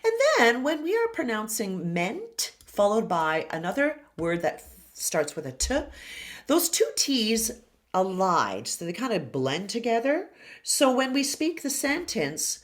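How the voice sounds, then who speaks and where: Slow, careful woman pronunciation coach. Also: medium pitch. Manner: models sounds slowly and clearly, with whispered and hummed demonstrations. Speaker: singing and pronunciation teacher.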